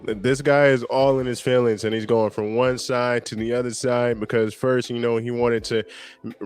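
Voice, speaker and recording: A man's voice: mid-range voice, level tone, normal speed, a little mellow, smooth. A man co-hosting a casual TV reaction show, laid-back and slangy, laughing often. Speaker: podcast co-host.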